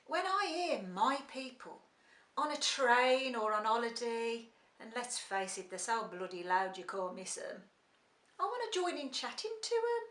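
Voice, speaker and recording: A woman's voice: a little high, very animated, unhurried, fairly bright tone, echoey room. An actress playing a middle-aged working-class woman turned executive, speaking with a Black Country accent in a wry, confiding monologue. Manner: wry, confiding, switches to a clipped posh work voice. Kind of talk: monologue drama.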